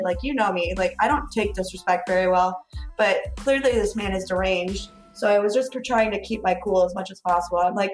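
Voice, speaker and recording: A woman's voice: mid-range voice, echoey room. A woman co-hosting a podcast, telling a story in casual chat, acting out quotes and laughing often. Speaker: podcast co-host.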